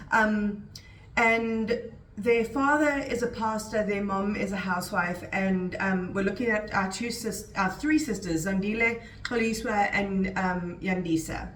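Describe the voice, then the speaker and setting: A woman's voice: mid-range voice, measured pace, far from the mic, a little hiss or hum. Woman book vlogger, casual and chatty with a rambling delivery, recorded off-mic in a roomy space. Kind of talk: casual vlog chat.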